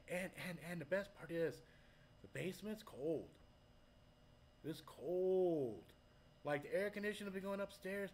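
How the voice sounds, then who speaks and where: Guy from hawaii doing a live stream, swearing a lot, kinda high voice, faint rumble behind. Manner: loud, profane, animated storytelling; reads chat aloud and talks to viewers. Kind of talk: profane casual live-stream chat.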